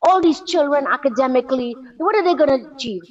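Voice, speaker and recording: A woman's voice: high voice, expressive, quick pace, dull audio. A woman calling into a talk show, ranting indignantly with sarcasm and rhetorical questions. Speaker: caller. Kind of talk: angry political call-in rant.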